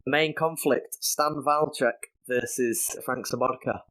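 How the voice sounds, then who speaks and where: A man's voice: mid-range voice, steady tone, a little slow, a bit bright. A man with a British accent, a guest on a podcast, talking loosely in casual chat with plenty of fillers. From Britain. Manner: conversational, loose phrasing with fillers.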